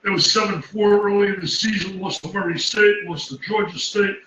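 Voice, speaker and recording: Excitable man ranting about a basketball upset. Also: high-pitched, brisk, roomy sound, distant mic, muffled recording, a little hiss or hum. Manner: animated, exclamatory, repetitive. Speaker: basketball analyst. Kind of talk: excited sports commentary.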